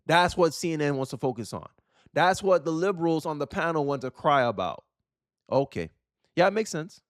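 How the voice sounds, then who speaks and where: A man's voice: on the high side, big pitch swings, brisk, dry recording, studio quality. A man hosting casual political commentary, talking emphatically with repeated words and frequent tag questions. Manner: emphatic, repeats words and says "right?" often.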